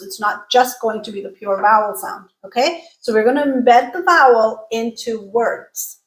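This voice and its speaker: A woman teaching an online pronunciation lesson with a slightly high voice. She speaks clearly, coaches the listener and draws out each vowel sound in slow repeated drills. The room gives her voice a noticeable echo. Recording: roomy echo.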